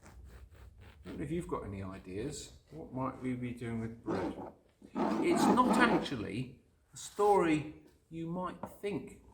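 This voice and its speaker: A man of middle pitch tells children a Bible story in an easy, questioning way. His voice carries a noticeable room echo. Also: sing-song, takes it slowly, pauses often, heavy background noise. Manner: gentle, questioning, explaining. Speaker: church children's leader. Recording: echoey room.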